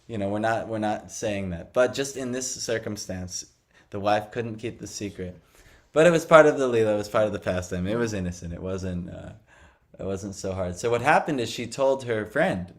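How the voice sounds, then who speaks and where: A man's voice: on the low side, lively intonation, moderate pace. Chatty young man telling a scripture story. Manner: conversational, many fillers and restarts. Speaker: scripture class speaker. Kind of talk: devotional class storytelling.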